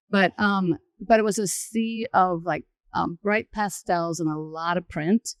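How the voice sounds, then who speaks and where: A woman on a panel telling an anecdote in a relaxed, measured way. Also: fairly low pitch, no echo.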